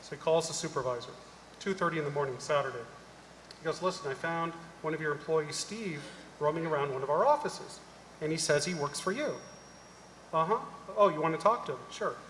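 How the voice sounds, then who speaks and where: A middle-aged man on a conference panel, telling an animated story and acting out the people in it. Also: on the high side, fairly quick, slight background noise. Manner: animated anecdote-telling, acting out quoted voices. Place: large conference hall. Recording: echoey hall, live panel mic.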